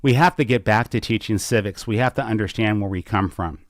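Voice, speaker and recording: A man hosting a podcast, talking about politics in a fervent way and building up to slow, emphatic declarations from a small studio. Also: on the low side, no echo. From Washington State. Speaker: podcast host. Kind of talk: impassioned political talk.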